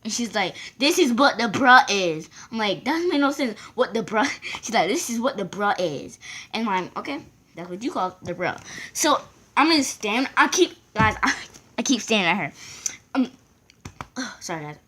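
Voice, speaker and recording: A woman's voice: medium pitch, lively intonation, normal speed, fairly bright tone, slightly rough. Rambling woman telling a storytime. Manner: rambling, acts out quoted voices. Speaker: vlogger. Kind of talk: casual storytime.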